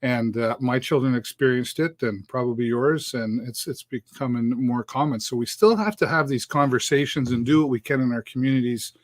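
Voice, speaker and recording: A man's voice: medium pitch, moderate pace, hardly any pauses, no room sound. Man, middle-aged, live show host, casual, filler-heavy, dry recording. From Canada. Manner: chatty, upbeat, many fillers.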